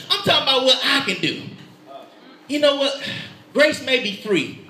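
A man preaching a lively sermon with an animated, playful delivery, laughing and shouting in bursts. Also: high voice, moderate pace. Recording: echoey room.

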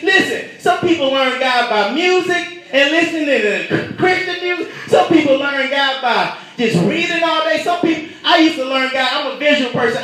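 High-voiced preacher man in an echoey hall. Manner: animated, shouting at peaks, acts out voices in stories. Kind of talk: sermon.

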